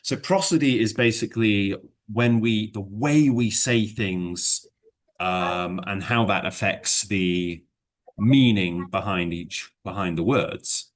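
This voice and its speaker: A man with a lowish voice teaches English one-to-one at an unhurried pace. The lesson chat is relaxed, and he rambles and hedges with many fillers before explaining through worked examples.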